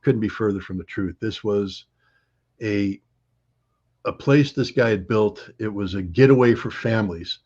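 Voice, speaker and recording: A man telling travel anecdotes in an interview, rambling with many fillers, restarts and laughs, his voice husky. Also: lowish voice, unhurried, a little mellow. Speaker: interview guest. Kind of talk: conversational storytelling. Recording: dull lo-fi audio.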